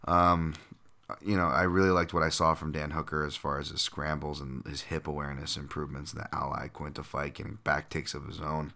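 A man hosts a casual solo podcast breaking down fights, thinking aloud with plenty of fillers, restarts and the occasional chuckle. His voice is a rumbling low with little pitch movement, a sharp tone, and a slightly fast pace.

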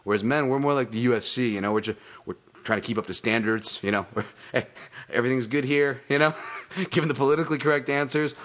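A man's voice: mid-range voice, fast talker, a bit bright. A man hosting his own podcast, talking casually in a rambling, profane, self-deprecating way, with lots of fillers and tangents and frequent laughs. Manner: many fillers and restarts, tangents. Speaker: podcast host. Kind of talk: casual solo podcast monologue.

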